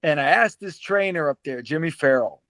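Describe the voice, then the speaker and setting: A man in his fifties, a former pro boxer, telling stories as a guest in a casual interview, animated and laughing often, with many repeated words. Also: a little high, normal speed, dry recording.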